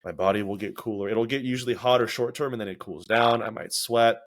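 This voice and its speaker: This casual podcast's host has a fairly quick delivery and a voice on the low side. His reflective, animated storytelling includes acted-out versions of his own inner voices.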